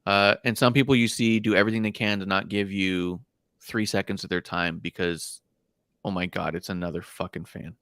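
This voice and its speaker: A man co-hosting a casual wrestling podcast, telling stories in an animated way and acting out the voices of people he quotes. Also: sits low, normal speed, no room sound, clean studio sound. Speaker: podcast co-host. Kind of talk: casual chat.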